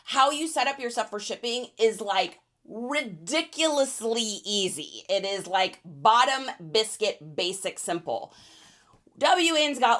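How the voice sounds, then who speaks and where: A woman hosting a casual livestream while packing orders, chatty and high-energy. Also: big pitch swings, takes it slowly, fairly bright tone. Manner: high-energy, chatty, reads out viewer names. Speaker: reseller livestream host.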